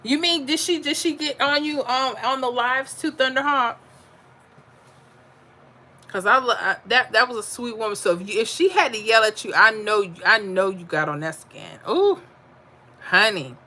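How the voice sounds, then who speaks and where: A woman's voice: mid-range voice, bright, forceful tone. A woman hosting a casual livestream, reading viewer comments aloud and answering them in a chatty way. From Florida. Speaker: livestream host reading chat.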